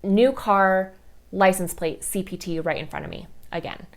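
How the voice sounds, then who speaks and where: A woman's voice: mid-range voice, normal speed. A woman in her thirties hosting a personal podcast, telling heartfelt stories in a candid, chatty way full of fillers. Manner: candid, heartfelt, many fillers like "like" and "you know". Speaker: podcast host.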